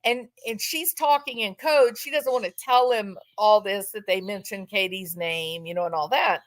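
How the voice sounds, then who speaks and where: A woman's voice: mid-range voice, normal speed. A woman giving a casual true-crime commentary in a sarcastic, incredulous, emphatic manner.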